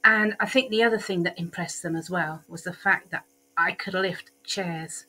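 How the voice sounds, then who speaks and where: A woman's voice: fairly low pitch, moderate pace, bright, forceful tone. A middle-aged woman vlogger chatting candidly about her week, with a lot of ums and repeated words. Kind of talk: casual diary-style vlog.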